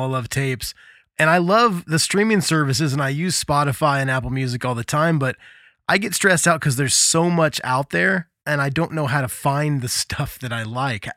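A man's voice: a little high, fairly bright tone, no room sound, clean studio sound. A man in his forties hosting an interview who asks chatty, eager questions. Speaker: podcast host, musician. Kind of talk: casual interview.

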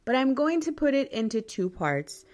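A woman's voice: high-pitched, sing-song, moderate pace, a little mellow. Midwestern lady in her 30s hosting her podcast, chatty, giggles a lot. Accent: Midwestern American. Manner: chatty, laughs often, mixes Spanish phrases. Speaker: podcast host. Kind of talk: casual chat.

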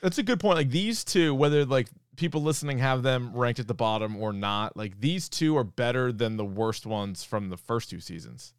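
A man's voice: medium pitch, moderate pace, hardly any pauses, clear, resonant tone, no room sound, clean studio sound. A man co-hosting a casual comedy podcast, chatting loosely and acting out quoted lines in little voices. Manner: animated, acts out quoted lines. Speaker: podcast co-host.

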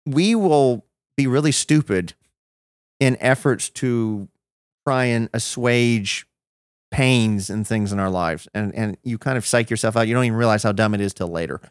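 This podcast guest is a man recounting his own life in a reflective, self-deprecating way with plenty of restarts. He speaks smoothly at normal speed and medium pitch, with clean studio sound and no room sound.

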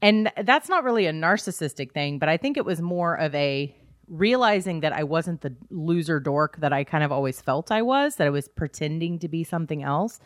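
Candid and quick to laugh at herself, this thirtysomething podcast co-host keeps the chat casual. She speaks fairly quickly in a low voice with lively intonation, recorded with clean studio sound and no room sound.

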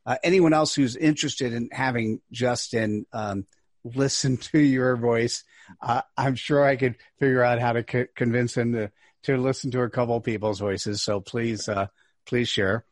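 A man's voice: mid-range voice, fairly even intonation, no room sound. Man hosting politely in a dry room. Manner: polite and halting, with frequent restarts. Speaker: host. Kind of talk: interview hosting.

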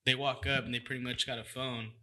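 A man, talking quickly in a very bright, forward voice. He is eager and chatty, a business owner geeking out about how restaurants run, in relaxed podcast banter. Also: medium pitch. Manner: eager, talks shop about restaurant systems. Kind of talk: casual chat.

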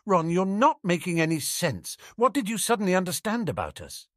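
Man doing a young girl, nervous, soft, earnest, pleading, lively pitch. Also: a little fast, no room sound, clean studio sound. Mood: wary.

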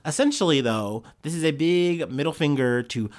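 A man's voice: fairly high pitch, animated, normal speed. A man hosting a podcast, giving casual solo news commentary in a rambling, sarcastic way, with lots of fillers and swearing. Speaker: podcast host.

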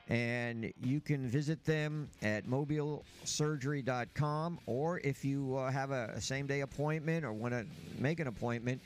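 A man co-hosting sports radio, speaking emphatically and reading a sponsor ad. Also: medium pitch. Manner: emphatic, lecturing. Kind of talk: sports radio opinion and live ad read.

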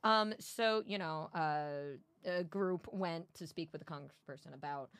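A woman's voice: deep voice, measured pace, a bit bright, clean tone, no room sound. Woman co-host, casual rambling chat, dry close sound, plays other people's voices. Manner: rambling storyteller, lots of fillers, dramatic quoted voices. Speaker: podcast co-host.

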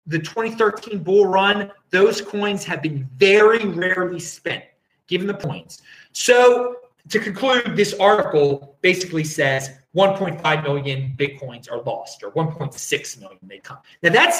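A man's voice: sits high, animated, a little slow, a bit bright, echoey room, rough recording. A man hosting a casual live-streamed show, rambling and chatty as he reads out viewer comments. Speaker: show host.

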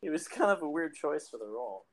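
A man's voice: fairly high pitch, very animated, quick pace, crowd noise, poor audio. A man co-hosting a podcast, telling a story in casual chat with a teasing, joking manner. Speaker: podcast co-host.

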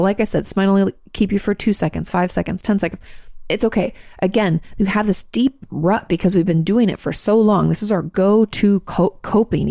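A woman hosting a show, answering listener questions in a fast, chatty, frank advice talk and swearing now and then. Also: medium pitch, creaky, mellow, no room sound, clean studio sound.

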